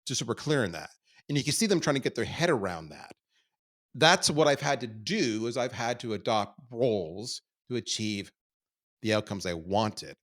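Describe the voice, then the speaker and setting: A middle-aged man from Canada, a podcast guest, telling stories about his life in a candid, self-deprecating way that swings between quiet asides and loud bursts. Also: mid-range voice, animated, normal speed. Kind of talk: candid conversational storytelling.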